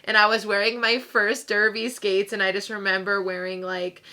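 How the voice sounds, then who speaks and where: A woman co-hosting a podcast in casual chat, talking in an unhurried, hesitant way. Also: mid-range voice, level tone, bright, forceful tone. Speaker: podcast co-host.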